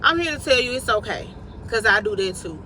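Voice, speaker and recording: A woman vlogger giving a casual, inspirational faith talk, repeating lines slowly for emphasis in slangy, everyday phrasing. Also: mid-range voice, animated, bright, forceful tone, a little hiss or hum, low-quality recording. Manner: slow, repetitive, preacherly emphasis.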